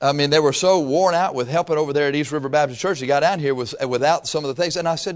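A man's voice: a little high, brisk, pauses often. A male pastor preaching a conversational sermon in a church, telling stories and acting out little exchanges of dialogue. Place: church sanctuary.

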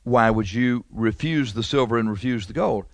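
A man delivers a sermon in an easy conversational tone, hammering points with repetition and stretching out important words. The sound is dry and close, with no room echo. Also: medium pitch. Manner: conversational preaching, emphatic repetition, drawn-out key words. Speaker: preacher.

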